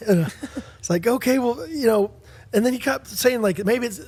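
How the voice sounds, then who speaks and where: A man's voice: very high-pitched, moderate pace, husky. A man co-hosting a podcast in casual chat, animatedly telling stories and acting out the dialogue. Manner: animated storyteller, acts out dialogue. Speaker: podcast co-host.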